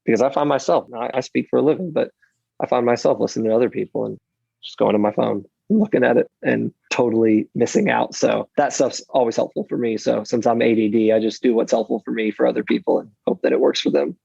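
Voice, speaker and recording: A man who speaks and preaches for a living, answering interview questions in an animated, self-deprecating way with frequent restarts. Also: mid-range voice, quick pace, vocal fry, slightly rough, no echo, dull audio.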